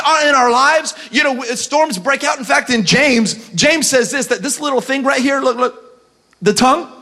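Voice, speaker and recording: High-voiced preaching male pastor. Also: moderate pace. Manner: preaching with rising shouts and call-and-response urging. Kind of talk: sermon. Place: church service.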